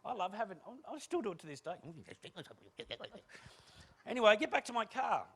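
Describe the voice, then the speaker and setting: Lively joking Australian man on stage. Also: high-pitched, brisk, gravelly, husky. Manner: animated, joking storyteller. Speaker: keynote speaker. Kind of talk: comic motivational keynote talk. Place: room with a live audience.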